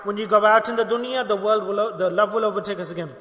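High-voiced impassioned male preacher in echoing hall. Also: fairly even intonation. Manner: impassioned, swings between hushed and raised delivery; recites Quranic verses in rapid chant. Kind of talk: sermon. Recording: echoey hall with long reverb.

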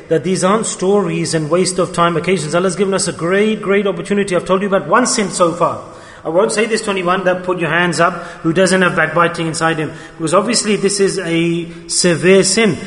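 A high-voiced man delivers an emphatic sermon, repeating his points and calling out to the congregation. His voice rings through a large hall with a long, roomy reverb. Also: a bit bright. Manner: emphatic, repeating phrases, addressing the congregation directly. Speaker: preacher. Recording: echoey hall.

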